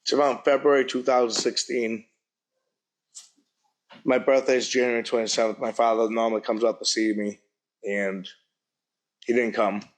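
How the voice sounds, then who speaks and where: A middle-aged man telling his own story at a public forum, speaking plainly and haltingly. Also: mid-range voice, level tone. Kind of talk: personal testimony at a public forum. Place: university event hall.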